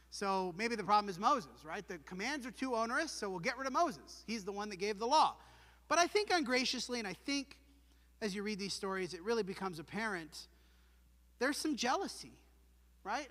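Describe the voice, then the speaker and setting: A man's voice: high-pitched, expressive, moderate pace, sharp tone. A man preaching a sermon in a church, earnest and emphatic, posing rhetorical questions to his congregation. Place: church sanctuary. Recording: long hall reverb.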